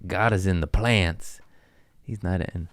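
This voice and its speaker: A man's voice: deep voice, slow pace, no room sound, clean studio sound. A man hosting a podcast from home, telling loose, jokey stories in casual chat with swearing and trailing asides. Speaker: podcast host. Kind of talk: casual rambling storytelling.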